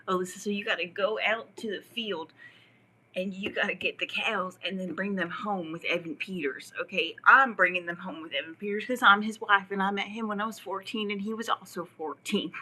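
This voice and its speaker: Woman livestreamer with a bright, tense, husky voice. Rambling and profane, mocking, often slipping into whispers. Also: mid-range voice, a little fast, poor audio. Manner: profane and mocking, often drops to a whisper, laughs mid-sentence. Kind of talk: rambling live-stream rant.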